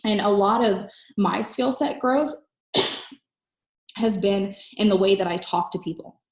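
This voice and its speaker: A woman coaching network marketers in an energetic, emphatic solo talk, recorded at home in her kitchen. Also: mid-range voice, roomy sound. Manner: energetic, emphatic, fast-talking.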